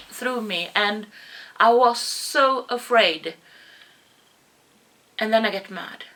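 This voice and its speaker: Bright high-ish woman vlogger, stumbles and repeats herself while telling a story. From Sweden. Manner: halting, repeats words, rises to yelling when quoting herself. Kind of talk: personal storytelling to camera.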